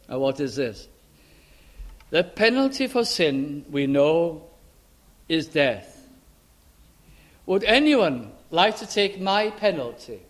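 A very animated preacher with a high-pitched voice delivers a sermon, reading scripture slowly and emphatically. He stops to pose rhetorical questions to his listeners.

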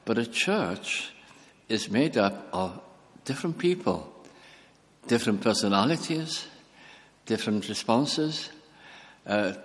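A man's voice: fairly low pitch, long reverb tail. An older man preaching a reflective sermon, musing aloud and quoting scripture with frequent restarts.

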